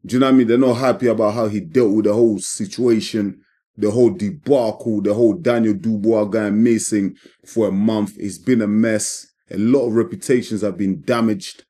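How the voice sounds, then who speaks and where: A man's voice: on the low side, steady tone, moderate pace, dark tone. A man giving emphatic, repetitive opinions in a casual commentary vlog. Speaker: boxing commentator.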